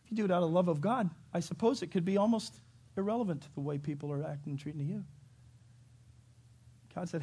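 A middle-aged man, a pastor, preaching a sermon in an animated way, acting out quotes and breaking into sudden loud shouts. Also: high-pitched, fast talker, long pauses, slightly rough.

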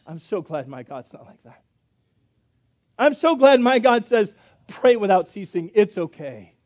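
A high-voiced man in his thirties preaches a sermon as pastor. He drops into quiet, confiding asides and then climbs into loud, emphatic preaching. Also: very animated, normal speed.

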